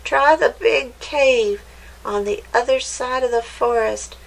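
A woman's voice: a little high, takes it slowly, gravelly, voice pushed up, heavily acted, low-quality recording. A woman voicing a helpful male mole in a children's story, puzzled and matter-of-fact.

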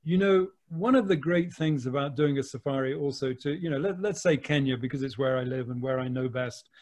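An English man, a wildlife photographer, telling lively anecdotes with the odd mild swear word over a video call. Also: medium pitch, fairly quick. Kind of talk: anecdotal storytelling.

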